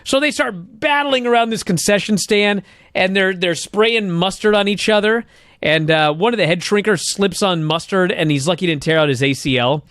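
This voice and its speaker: High-pitched, profane male co-host, dry sound. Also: moderate pace, a bit bright, clear, resonant tone, no room sound. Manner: profane, exasperated storytelling. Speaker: podcast co-host. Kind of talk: casual recap chat.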